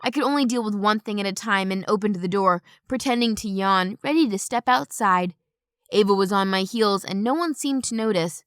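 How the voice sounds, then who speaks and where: A woman giving brisk, expressive first-person audiobook narration on a close studio mic. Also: medium pitch, smooth, no echo.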